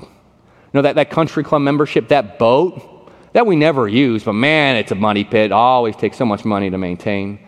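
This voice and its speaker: Male pastor, sermon storytelling, chatty, lively pitch, long hall reverb. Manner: animated, conversational, repeats words.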